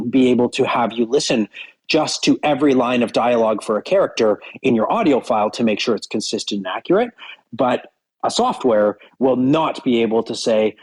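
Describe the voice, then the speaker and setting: A man's voice: medium pitch, a little mellow, slightly rough, poor audio. A man, a company CEO guest in an interview, talking in a direct, earnest way and explaining things with examples. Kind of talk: casual interview chat.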